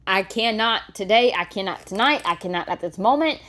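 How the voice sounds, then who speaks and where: A woman's voice: medium pitch, lively intonation, a little fast, few pauses, fairly bright tone. A woman, bluntly reacting to a clip with sarcasm and heavy swearing. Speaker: reaction commentator. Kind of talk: profane reaction rant.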